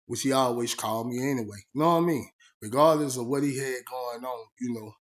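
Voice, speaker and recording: A man's voice: medium pitch, fairly quick. Slangy man telling a story. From Georgia, USA. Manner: slangy, conversational, retells talks by voicing both sides. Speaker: storyteller recounting prison life. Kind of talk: casual spoken storytelling.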